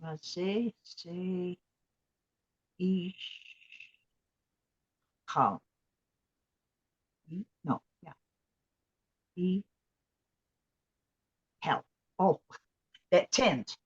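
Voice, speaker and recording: Student, slow, hesitant answers, dull lo-fi sound. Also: medium pitch, breathy edge. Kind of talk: lesson answers.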